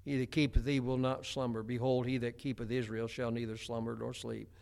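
A man's voice: mid-range voice, little pitch movement, fairly quick, creaky, a little mellow. A middle-aged man preaching a homespun sermon, chatty, with many stammered restarts. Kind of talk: folksy sermon.

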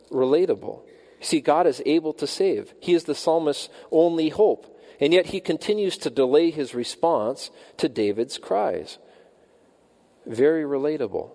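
A man preaching a sermon, rising and slowing for emphasis when he voices the psalmist's cries. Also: dark tone, long reverb tail. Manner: rises in pitch and volume when quoting the psalmist's cries, slows for emphasis. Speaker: pastor.

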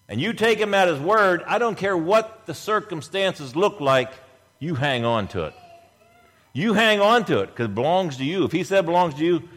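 Animated preacher man in a reverberant church. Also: high voice. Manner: animated preaching, acting out scripture scenes in character voices. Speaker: pastor. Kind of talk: sermon.

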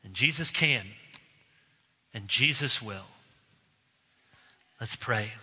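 Man, pastor, sermon, very bright tone, long hall reverb, emphatic. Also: medium pitch, lively intonation, husky. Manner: earnest, emphatic preaching with slow dramatic pauses. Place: church sanctuary.

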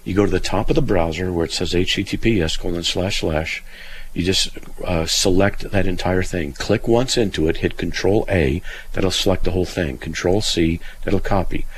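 A man's voice: low-pitched, normal speed, slight background noise, poor audio. A man hosting a call-in Bible question show, reading verses aloud and explaining them step by step with a dry sense of humor. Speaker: radio Bible Q&A host. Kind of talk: call-in radio answering a caller.

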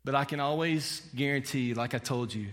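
Man, pastor, bright voice, casual storytelling sermon, long hall reverb. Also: mid-range voice, normal speed.

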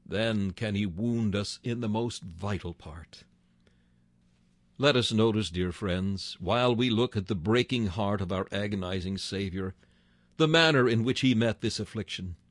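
A man's voice: fairly low pitch, dry recording. A man reading a sermon aloud in a solemn, formal manner, rising to emphatic declamation. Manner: old-fashioned, formal scriptural phrasing. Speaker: preacher.

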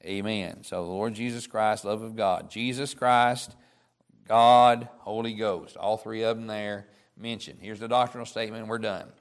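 A man teaching a Bible study lesson, reading verses slowly and deliberately, then explaining in a casual way with fillers. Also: fairly low pitch, fairly even intonation.

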